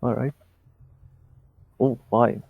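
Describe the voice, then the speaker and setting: A man's voice: mid-range voice, steady tone, drawn-out words, creaky. A man playing in a tabletop game, speaking hesitantly with lots of fillers. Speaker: player. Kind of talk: casual tabletop play. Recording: tinny phone-like line.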